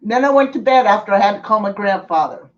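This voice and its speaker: A woman streamer telling a personal story in casual, unhurried speech, earnest in tone and pausing to thank viewers. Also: mid-range voice, animated. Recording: distant, dull lo-fi mic.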